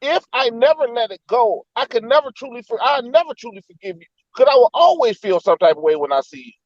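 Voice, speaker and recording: A man in a casual talk, thinking out loud and telling personal stories to make his point. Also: extremely high pitch, expressive, a little fast, no room sound, muffled recording. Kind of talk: casual debate.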